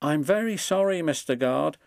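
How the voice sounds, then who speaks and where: A man's voice: a little high, expressive, gravelly, a little mellow, dry recording, studio quality, pitched above the performer's own voice. A man voicing a proud, impatient little tank engine in a storybook reading, bossy and always in a hurry. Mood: apologetic. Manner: bossy, hurried, puffing.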